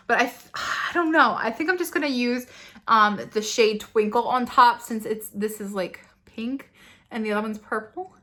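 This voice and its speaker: Young female vlogger, gushing and gasping, fairly high, bright voice. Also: normal speed. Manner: gushing, gasping, breathless excitement. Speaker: beauty vlogger. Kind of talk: excited unboxing chat.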